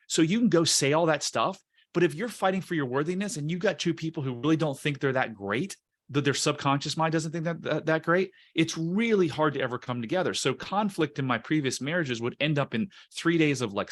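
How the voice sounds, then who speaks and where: A man on a podcast interview, explaining emotional self-help in an earnest, coaching way, often restarting words. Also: mid-range voice. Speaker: guest, coach.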